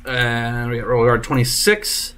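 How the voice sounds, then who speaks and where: A man as dungeon master, narrating combat turns with brisk, jokey asides. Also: mid-range voice, fairly even intonation, a bit bright, clean tone.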